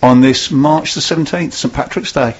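A man's voice: medium pitch, moderate pace, slight background noise. Guy radio host, sarcastic teasing banter, bit muffled studio audio. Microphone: studio microphone. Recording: dull local radio studio sound.

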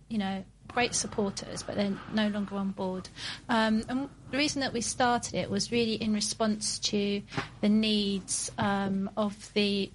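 A woman's voice: mid-range voice, a little hiss or hum, low-quality recording. A woman speaking as a guest in a radio interview, hesitant, with many ums as she explains her work. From half Welsh. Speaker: guest, founder of a social enterprise.

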